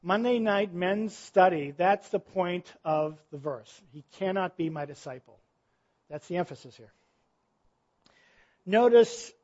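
A man's voice: high-pitched, a little mellow, lo-fi sound. A man preaching a sermon in a conversational style, full of rhetorical questions. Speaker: pastor.

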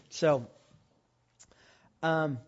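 A man preaching a sermon, telling a personal story and rising to loud, emphatic preaching. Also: on the high side, very slow, dull audio. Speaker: pastor.

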